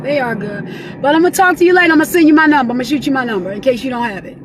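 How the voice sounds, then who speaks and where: A woman's voice: high voice, lively intonation, racing, background noise. A middle-aged woman talking casually and sentimentally as a guest on a live video chat. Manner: warm, chatty, sentimental.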